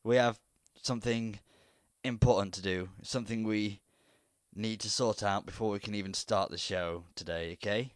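A man's voice: lowish voice, fairly even intonation, moderate pace, dry recording, clean studio sound. A man co-hosting a casual film chat in an easygoing, thoughtful way. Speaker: podcast co-host.

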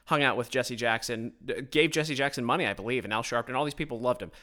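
His voice is medium in pitch, pushed and bright, and quick-paced. He is a podcast host on his own microphone, delivering a sarcastic, blunt political monologue while often stumbling and restarting sentences.

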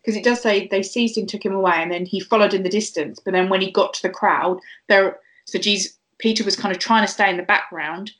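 A woman chatting in a Bible study group, retelling the story in an animated, amused way. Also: mid-range voice, a little fast, hardly any pauses, poor audio. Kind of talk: casual group discussion.

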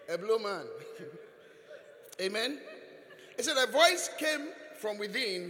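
A man preaching a sermon as bishop, telling stories with animated delivery and frequent chuckles. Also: high-pitched, slow, pauses often. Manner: animated storytelling, chuckling often. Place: large church hall. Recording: echoey church hall.

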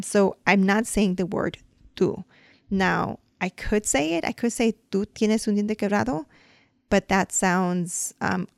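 A dental hygienist raised in the United States by a Mexican family teaches dental Spanish in a casual podcast lesson. Her mid-range voice is creaky, recorded dry at studio quality, and she explains patiently with examples, saying "um" and "like" often.

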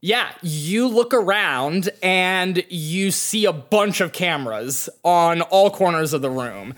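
A man narrates as game master, pacing his descriptions slowly and deliberately. His voice sits a little high for a man. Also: expressive, fairly bright tone.

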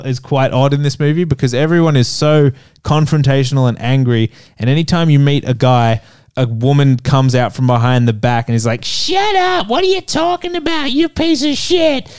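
Smooth-voiced guy hosting a film podcast, chatty and laughy, retells scenes. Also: mid-range voice, a little mellow. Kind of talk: casual movie review chat.

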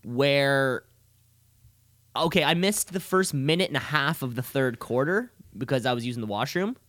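A man's voice: medium pitch, expressive, normal speed, a bit bright, no echo. A man co-hosting a podcast, telling stories in a casual chat, stammering and restarting and laughing often as he gets worked up. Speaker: podcast co-host.

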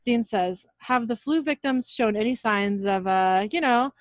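A woman co-hosting a podcast, casually retelling an episode scene by scene and reading the dialogue aloud in a plain, even way. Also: fairly high pitch, unhurried, no room sound, studio quality. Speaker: podcast co-host recapping an episode.

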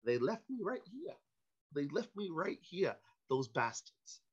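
A man doing an impression of a famous actor stranded by his friends, halting and repetitive, on a dull lo-fi recording. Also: a little high, big pitch swings, slightly rough, pitched above the performer's own voice, exaggerated voice. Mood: plaintive.

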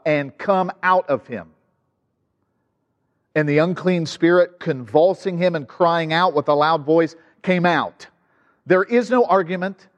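A man's voice: high voice, big-room sound. A man preaching a sermon as pastor, conversational, with asides and rhetorical questions to the congregation.

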